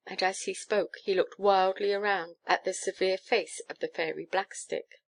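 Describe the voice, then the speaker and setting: A woman narrating a children's storybook in a lively, expressive reading. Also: medium pitch, normal speed, few pauses. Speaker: audiobook narrator.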